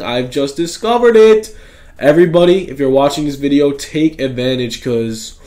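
A young man giving excited, slangy gameplay commentary, talking straight to his viewers. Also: fairly high pitch. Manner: hyped, slangy, talks to viewers. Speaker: gaming YouTuber.

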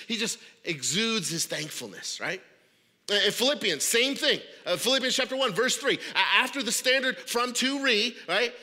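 Congested animated preacher in a church hall. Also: male voice, very high voice. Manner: animated, stammering repeats. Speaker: pastor. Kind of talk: sermon. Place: church auditorium.

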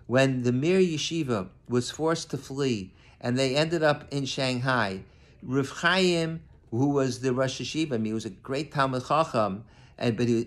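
An older man, a rabbi, giving an earnest conversational sermon to his congregation, reading verses and then explaining them. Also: medium pitch. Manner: earnest, conversational with many restarts, reads Hebrew verses then translates.

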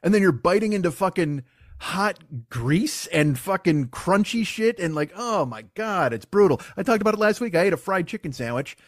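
A man with a high voice hosts a comedy podcast, riffing in a long, profane, rambling monologue. The recording is dry and close, with no room sound. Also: expressive, moderate pace, dry recording. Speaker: podcast host.

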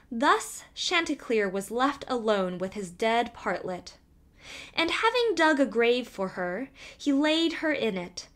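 A woman reads an old fairy tale aloud at an unhurried pace. Her voice is a little high and full of movement, and she shapes each line expressively as she narrates. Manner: expressive storytelling. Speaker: audiobook narrator.

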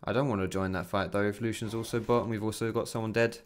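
Fast-talking and steady in tone, with a voice on the low side, a young gaming commentator chats loosely about his own play. He swears freely while keyboard and mouse clicks sound in his bedroom at home.

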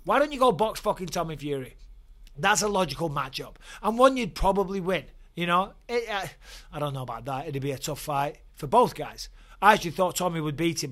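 A man's voice: on the high side, a bit bright. A man in his forties, hosting a casual vlog rant, blunt and profane, heated about the topic. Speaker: YouTube host, former fighter.

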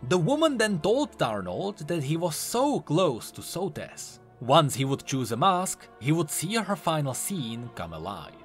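A man narrating a dark story in a scripted, dramatic storytelling style. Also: a little high, huge pitch swings, unhurried, few pauses, faint music behind. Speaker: lore narrator.

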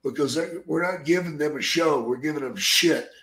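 An older man, a retired wrestler appearing as a guest on an interview, spins long, blunt stories loaded with swearing. His voice is fairly high and slightly bright, and the recording has a roomy echo.

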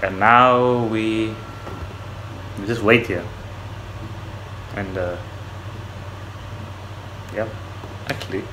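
Low-voiced man rambling over gameplay. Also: steady tone, very slow, pauses often, noisy background. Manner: rambling, restarts, swears often. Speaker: gamer. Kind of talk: casual gameplay commentary.

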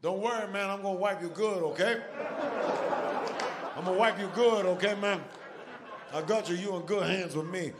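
A man voicing a calm, reassuring sixty-year-old male nurse who keeps saying "man" and "okay", on a live comedy stage. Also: high voice, normal speed, pauses often, a loud crowd, very noisy, natural voice. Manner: soothing, repeats "man" and "okay". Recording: live stage mic, loud audience laughter.

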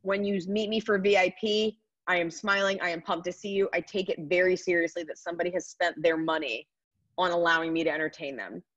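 Upbeat woman comic on a video call, lowish voice, dull muffled sound. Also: steady tone, a bit bright, dry recording. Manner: chatty, upbeat, rapid asides. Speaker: comedian guest. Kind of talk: casual interview answers. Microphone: computer mic on a video call.

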